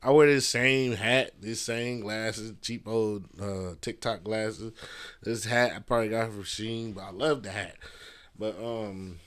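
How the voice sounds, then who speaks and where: A man's voice: fairly low pitch, steady tone, measured pace, fairly bright tone. A man hosting a casual solo podcast from a messy room at home, rambling loosely with fillers and swearing. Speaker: podcast host. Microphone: podcast mic.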